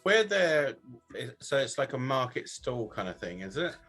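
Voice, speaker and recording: A man's voice: mid-range voice, sing-song, unhurried, fairly bright tone, soft background music. A man playing a tabletop game, describing how his character reacts. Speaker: player.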